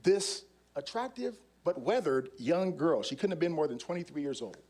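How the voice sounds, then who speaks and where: A former undercover officer speaking on a conference stage, telling stories and acting out the scenes. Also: male voice, fairly high pitch, lively intonation, normal speed, a little mellow. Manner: demonstrative, acts out scenes. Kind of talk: animated storytelling talk.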